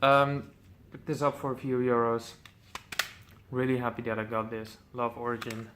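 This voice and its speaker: A man's voice: medium pitch, flat delivery, normal speed, background noise. Enthusiastic man showing off his collection. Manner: enthusiastic, swears casually, frequent ums. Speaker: metal CD collector vlogger. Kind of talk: casual collection showcase.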